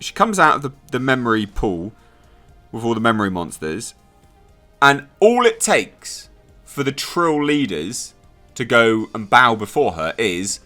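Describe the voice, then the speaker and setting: A man giving a casual spoken review, animated and sarcastic. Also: medium pitch. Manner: animated and sarcastic, mocking characters in silly voices. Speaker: video reviewer.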